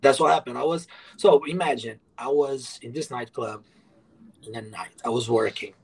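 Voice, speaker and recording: A man's voice: mid-range voice, normal speed, vocal fry, slightly rough, poor audio. A man who moved to the USA, telling his story as a podcast guest, frank and profane and acting out past dialogue. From moved to the USA from abroad. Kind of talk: candid interview storytelling.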